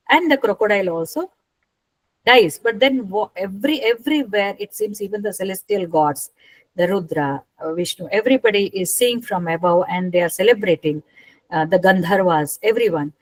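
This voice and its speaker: A woman retelling a scripture story as a talk, unhurried and asking her listeners rhetorical questions. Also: mid-range voice, no room sound, poor audio.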